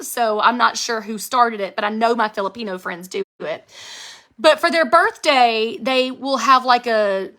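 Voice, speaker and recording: A woman's voice: high voice, pushed and bright. An American woman in her thirties, an author chatting casually on a phone live stream, giggly and reading out viewer comments, her voice strained from an old vocal injury. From United States. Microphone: phone live video.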